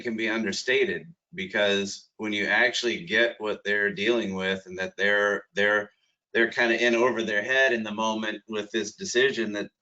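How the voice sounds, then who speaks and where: Reflective low-voiced man, bright edge. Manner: reflective, halting. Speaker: trainee. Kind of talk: sharing a thought on a video call. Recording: dull lo-fi sound.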